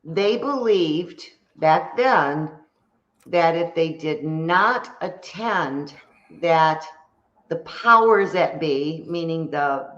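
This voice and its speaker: A woman guest, an author, explaining at a slow and deliberate pace and repeating points for emphasis. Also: deep voice, a bit bright, roomy sound, lo-fi sound. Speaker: guest author and metaphysical practitioner. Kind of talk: explanatory interview talk.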